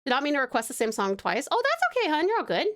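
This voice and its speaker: A woman's voice: high-pitched, huge pitch swings, quick pace, a bit bright. A woman with an Australian accent, chatting casually with her stream chat while she draws, playful and laughing often.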